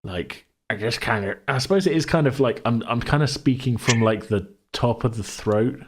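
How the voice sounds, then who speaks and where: A man hosting a tabletop podcast, chatting casually in a relaxed, rambling way and laughing often. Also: mid-range voice, moderate pace. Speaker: game master and podcast host. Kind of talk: casual chat.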